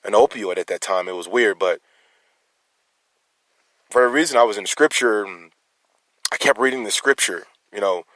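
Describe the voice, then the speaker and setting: A man's voice: fairly low pitch, normal speed, pauses often, fairly bright tone, no room sound. Brief: man in a raw, rambling monologue, stumbling over words, challenging listeners, dry voice. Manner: rambling, stammering restarts. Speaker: concerned citizen. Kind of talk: emotional personal monologue.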